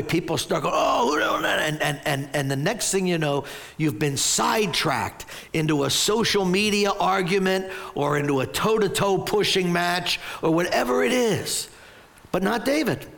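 A man in his sixties delivers a sermon in a slightly high voice. He is animated and storytelling, stumbling over restarts and tossing out rhetorical questions to his listeners. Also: creaky. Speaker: pastor.

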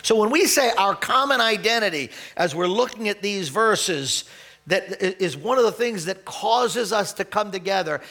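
A high-pitched man delivers a sermon in a loose, conversational way. He stumbles over restarts and clears his throat now and then, and his voice climbs when he reads scripture aloud. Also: animated, moderate pace, bright, forceful tone. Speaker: pastor.

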